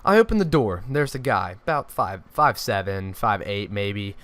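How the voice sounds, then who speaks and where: A young man, telling a true story for his vlog in an animated way, often restarting his sentences. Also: lowish voice, normal speed, dry recording. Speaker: YouTuber.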